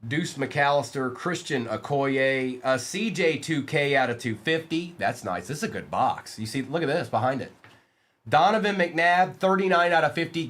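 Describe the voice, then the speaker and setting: Animated man running a live card break. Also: medium pitch. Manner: rapid, excitable, banters with chat by name.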